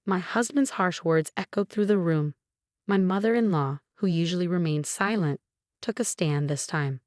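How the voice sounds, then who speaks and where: Woman narrating a story, low and dry. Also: moderate pace, a little mellow, dry recording.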